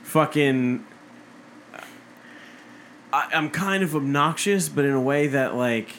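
A man's voice: a little high, takes it slowly, a bit bright, a little hiss or hum. A man co-hosting a podcast, rambling casually and swearing a lot as he tells a story. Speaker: podcast co-host. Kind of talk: casual chat.

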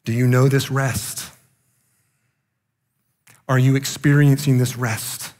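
A male pastor preaching a sermon with passion, rising loud and then dropping quiet. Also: mid-range voice, level tone, slow pace, long reverb tail.

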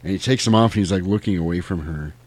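Lively, lower-voiced man telling a movie recap, very dry close mic. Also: fast, no echo. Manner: animated, jokey storyteller. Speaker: podcast co-host.

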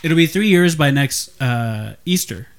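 A man's voice: a little high, lively intonation, a little slow. A man in his twenties hosting a podcast, joking in casual banter and swearing freely. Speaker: podcast host.

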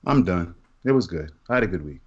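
A man's voice: sits low, animated, fast, lo-fi sound. A man co-hosting a casual podcast chat, teasing his friends with mock offense. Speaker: podcast co-host.

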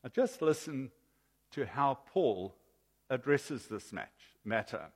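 A man preaching a sermon as pastor in a measured, emphatic way, in an old recording from a church. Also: medium pitch, lively intonation, a little mellow, slightly rough. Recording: old sermon recording with long hall reverb.

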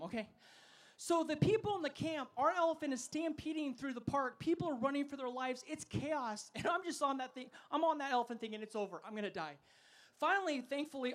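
A man giving a sermon as a festival speaker. He tells funny stories and has the audience shout words back to him. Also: very high-pitched. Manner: energetic, asks the crowd to call back; humorous storytelling.

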